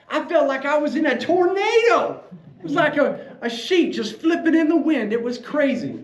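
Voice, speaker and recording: High-voiced man telling a story in an echoey room. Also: normal speed. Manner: animated, playful storyteller. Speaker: club speaker. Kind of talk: prepared storytelling speech. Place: club meeting room. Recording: echoey room, faint ambience.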